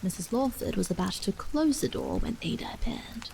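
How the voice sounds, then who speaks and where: A woman reading a horror novel aloud as a soft, half-whispered ASMR bedtime story. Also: mid-range voice, wildly swooping pitch, normal speed, gravelly, slight background noise, poor audio.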